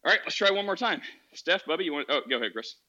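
An animated man hosts a casual call-in chat. His voice is bright and forceful and sits a little high. The audio is slightly dull. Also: fast. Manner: animated, acts out quoted voices. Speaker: podcast host.

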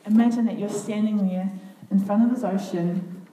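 A woman reading a children's Bible story aloud to a group, with earnest, expressive comments between passages. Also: mid-range voice, normal speed. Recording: echoey room, far from the mic, faint noise.

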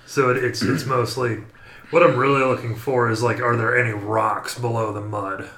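A man's voice: mid-range voice, fairly even intonation, moderate pace, fairly bright tone. A man playing a tabletop game, talking casually and thinking aloud. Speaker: player. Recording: echoey room with faint noise.

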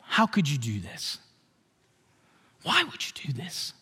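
Guy doing a bitter older brother, indignant, high pitched, echoey hall. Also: wildly swooping pitch, takes it slowly, sharp tone, breathy edge, exaggerated voice. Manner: indignant, raised and pleading. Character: resentful young adult older brother.

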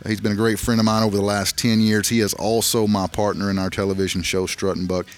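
A man's voice: lowish voice, little pitch movement, fast talker. A man hosting a podcast in a makeshift studio, talking in a folksy, rambling way. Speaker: podcast host. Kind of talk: casual chat.

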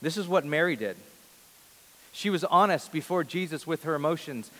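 A man in his thirties preaching a sermon before a large congregation, earnest, moving between loud emphasis and soft, hushed lines. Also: on the high side, normal speed. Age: 30s. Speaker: pastor. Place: large church hall before a big congregation. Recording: long reverb of a large hall.

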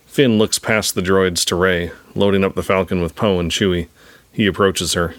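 A man narrating a script read-aloud in a brisk, even manner, with touches of dry humor. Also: low-pitched, no room sound.

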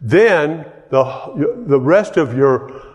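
Slow-speaking pastor in a reverberant hall. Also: male voice, a little high, big pitch swings. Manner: conversational, repeats and restarts phrases. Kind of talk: sermon.

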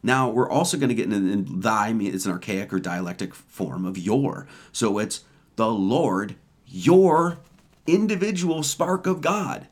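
A man's voice: on the low side, lively intonation, a little slow. A man teaching scripture in an informal sermon, often asking rhetorical questions and repeating words for emphasis. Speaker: teacher of a Bible study.

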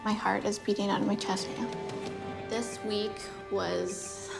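A woman's voice: mid-range voice, steady tone, unhurried, creaky. An actress playing a woman on a TV dating show, gushing about her feelings in a breathless confessional way. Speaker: film character. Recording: film clip under loud music.

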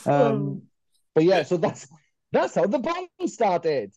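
A man's voice: high-pitched, huge pitch swings, takes it slowly, warm tone, dry recording, muffled recording. A man from Wales, a band singer, telling rambling, sweary anecdotes as a guest in a casual podcast chat. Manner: swears freely, rambling anecdotes with mock quotes.

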